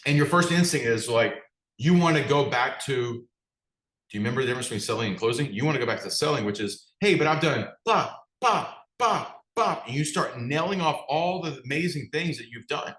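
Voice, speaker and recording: A man's voice: medium pitch, quick pace, fairly bright tone, echoey room, poor audio. A man, a business coach, giving a direct, conversational motivational talk and putting questions to his audience. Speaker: business coach for martial arts school owners.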